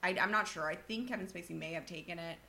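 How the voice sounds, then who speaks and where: A woman's voice: fairly low pitch, fast talker, creaky, sharp tone. A young woman from Bakersfield co-hosting a podcast, chatting casually as she reads through award nominees and gushes about them. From Bakersfield, California. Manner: gushing, runs through the nominee list. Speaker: podcast co-host. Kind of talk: casual chat.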